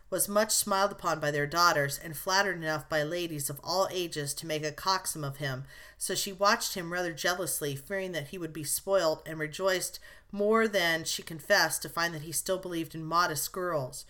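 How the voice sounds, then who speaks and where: A woman narrating a classic novel as an audiobook, in a measured storytelling manner. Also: fairly low pitch, bright, forceful tone.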